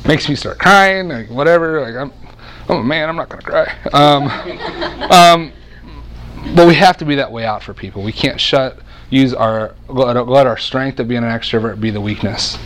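A man in his thirties preaching a sermon as a lively, joking storyteller who often restarts his sentences. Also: mid-range voice, moderate pace, slight background noise.

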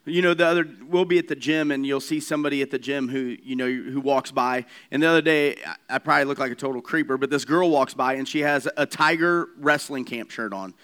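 A man's voice: mid-range voice, fairly quick, few pauses, a bit bright, clean tone. A man in his thirties, a pastor, giving a casual talk and acting out bits of dialogue as he goes. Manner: chatty, acts out dialogue, many restarts. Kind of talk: casual sermon-style talk.

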